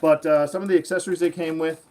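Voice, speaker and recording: A man's voice: fairly high pitch, little pitch movement, fast, a little mellow. A man hosting a casual toy-collecting vlog, rambling and chuckling while showing off figures. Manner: rambling, chuckling, self-deprecating. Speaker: toy collector, channel host. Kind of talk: casual show-and-tell vlog.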